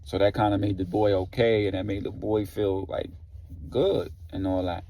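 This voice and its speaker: Man, casual storytime retelling, slangy, filler-heavy, somewhat low voice. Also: fairly even intonation, moderate pace, creaky, warm tone, a little hiss or hum.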